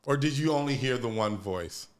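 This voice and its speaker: A man's voice: mid-range voice, expressive, normal speed. A man hosting a podcast, asking his guest questions and reacting with short interjections. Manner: reacts with short laughs and "wow". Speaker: podcast host.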